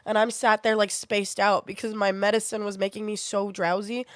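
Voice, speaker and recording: A woman in her twenties, ill with a sinus infection, swears freely as she tells an animated, meandering story to her live chat. Her medium-pitched voice is clear and resonant, at a moderate pace. The recording is dry and studio quality.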